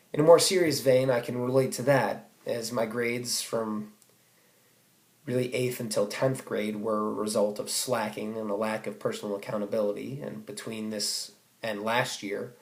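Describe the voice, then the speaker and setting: A teenage boy reads aloud a comic personal essay as a student speech for school, wry and self-mocking with sudden outbursts. His voice is mid-range, and the room sounds echoey.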